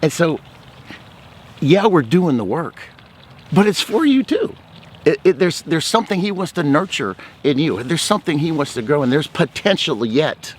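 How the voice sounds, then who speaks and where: A man's voice: a little high, expressive, normal speed, a little hiss or hum. Talkative, outgoing man sharing faith stories. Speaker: ministry speaker. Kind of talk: faith testimony talk.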